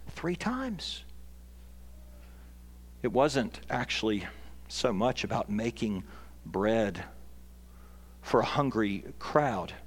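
Earnest preaching man in a reverberant hall. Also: on the low side. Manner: earnest, building to emphatic peaks. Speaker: pastor. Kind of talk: sermon. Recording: long reverb of a large hall.

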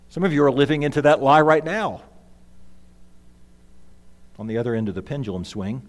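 Male pastor, slightly high-pitched, emphatic sermon delivery, loud and then hushed, lingering hall reverb. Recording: long reverb of a large hall.

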